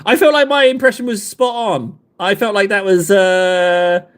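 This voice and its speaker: Speaking unhurriedly in a clean voice that sits high, a man with a southern English accent hosts a livestream, casually chatting with the people watching live. His talk is rambling, jokey and self-mocking.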